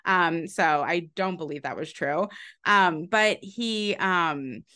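A woman with a fairly low voice answers an interview question at length, as a historian. She keeps an easy, conversational tone and slips in light laughs as she builds her explanation. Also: slow. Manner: relaxed, laughs lightly between points. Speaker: author and historian.

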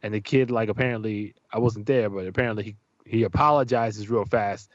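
A man's voice: on the low side, brisk, dry recording, highs cut off. A man chatting casually and telling a family story, swearing often and acting out the voices of the people in it. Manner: animated, profane, acts out voices in his stories.

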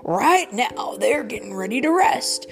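A woman voicing a gentle, wise father rabbit, explaining patiently in a hushed storybook voice. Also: fairly high pitch, big pitch swings, unhurried, vocal fry, heavily acted. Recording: soft background music.

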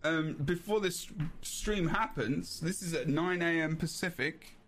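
Man, podcast host, casual chat, rambling, self-correcting, slightly high pitch. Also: unhurried, fairly bright tone, a little hiss or hum.

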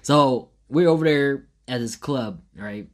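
A man's voice: mid-range voice, measured pace. A man in casual chat, teasing a friend while starting a story. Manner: short backchannels, teasing.

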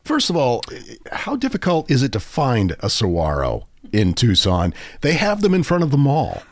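A man's voice: mid-range voice, huge pitch swings, normal speed, dry recording, studio quality. A male podcast co-host chatting casually, chiming in with wry quips. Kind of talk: casual chat.

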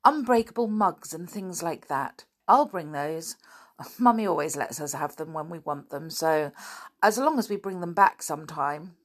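A woman's voice: sits low, lively intonation, normal speed. A woman reading the part of a helpful, chatty schoolgirl with homely ideas. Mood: kind.

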